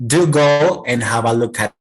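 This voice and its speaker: A man's voice: mid-range voice, moderate pace. Hesitant male student. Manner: hesitant, unsure.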